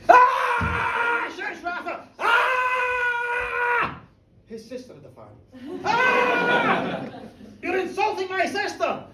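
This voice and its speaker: A woman voicing an eager, hot-tempered young Spanish man who prods for more and bursts into shouts, told live in a pub. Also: mid-range voice, very animated, fairly quick, heavy background noise, lightly acted. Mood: furious. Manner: eager prodding, sudden shouts. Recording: echoey live bar, from a distance.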